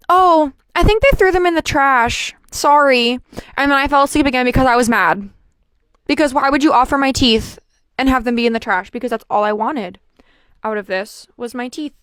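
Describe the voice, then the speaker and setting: A young woman chatting casually as she tells a personal story, with lots of fillers and an animated delivery. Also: on the high side, a little fast, clear, resonant tone, no echo, clean studio sound. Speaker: vlogger.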